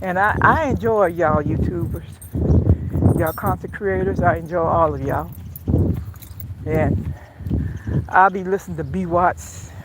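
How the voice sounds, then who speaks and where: A chatty woman talks through a phone camera on a live stream, walking and a bit out of breath. She rambles and repeats herself. There is a clear hiss of background noise on the recording. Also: lowish voice. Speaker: vlogger. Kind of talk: casual live-stream chat. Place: walking outdoors, then at home.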